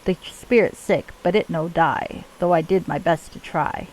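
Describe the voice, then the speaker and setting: A woman's voice: fairly low pitch, measured pace, darkish tone, lightly acted, rough recording. Woman doing a mad rhyming cultist man. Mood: sing-song. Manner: speaks in singsong rhymes with broken grammar. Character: mad rhyming male cultist, broken grammar.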